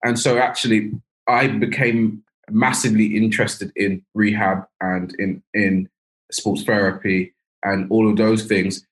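A sprint coach speaks as a guest on a podcast. He is a man with a fairly low voice who talks emphatically, speeding up in quick bursts of enthusiasm. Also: level tone, poor audio. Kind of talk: podcast interview.

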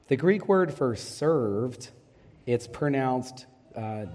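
A man's voice: mid-range voice, slow pace, mellow. A man in his thirties preaching a sermon as pastor, putting questions to the congregation and answering them himself. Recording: long reverb of a large hall.

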